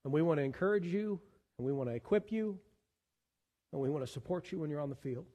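Earnest pastor preaching in a reverberant church. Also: male voice, a little high, expressive, quick pace, dark tone. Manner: earnest, repeats words when searching for the next one. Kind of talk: sermon. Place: church sanctuary.

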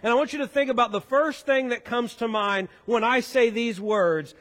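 A man's voice: very high-pitched, normal speed, a bit bright. A man preaching a sermon as pastor in a church sanctuary, talking in a conversational, joking way. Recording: echoey hall.

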